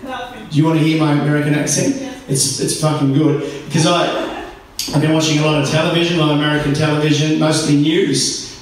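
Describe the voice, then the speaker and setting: A man's voice: a little high, fast. A man with an Australian accent doing a stand-up set in a comedy club, wry and rambling with lots of ums and uhs. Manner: rambling, wry, with many fillers. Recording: echoey club room, distant mic. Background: audience ambience.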